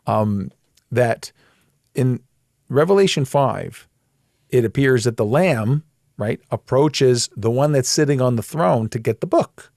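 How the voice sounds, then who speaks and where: Male Bible teacher, mid-pitched, emphatic and plain-spoken, dry close sound. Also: takes it slowly, gravelly, no room sound. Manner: emphatic, plain-spoken, animated when making a point. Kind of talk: conversational Bible study teaching.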